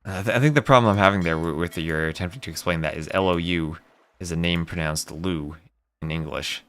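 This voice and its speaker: A man's voice: sits low, brisk, a bit bright. A man casting a live strategy game match, calling plays and chatting with viewers between fights. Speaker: esports caster.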